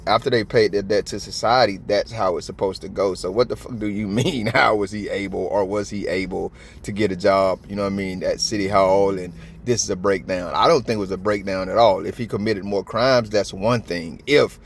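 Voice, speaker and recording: A man's voice: lowish voice, fairly even intonation, moderate pace, creaky, a little hiss or hum. A man from Georgia talks in a thick Southern accent as a commentary host. He rants freely, with loose slang and plenty of profanity, like someone venting straight to his viewers. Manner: profane, ranting, heavy slang. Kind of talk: casual reaction commentary.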